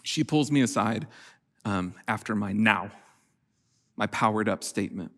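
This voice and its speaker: A man in his thirties preaching a sermon as pastor, shifting from quiet storytelling to raised, emphatic delivery. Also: on the low side, unhurried, creaky. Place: church stage.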